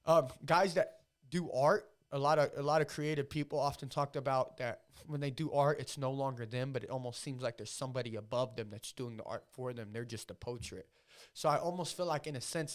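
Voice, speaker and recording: A man's voice: mid-range voice, steady tone, brisk. Profane, emotional man telling fight stories. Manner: emotional, heavily profane storytelling. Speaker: podcast guest, MMA fighter. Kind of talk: casual podcast chat.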